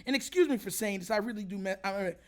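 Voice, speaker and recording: A high-pitched man hosts a fired-up sports rant, shouting and hammering the same points again and again. Soft music plays faintly behind his voice. His delivery swings between loud outbursts and quick, insistent asides. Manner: fired-up, shouting, repetitive emphatic. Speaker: sports show host. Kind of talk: heated sports commentary rant.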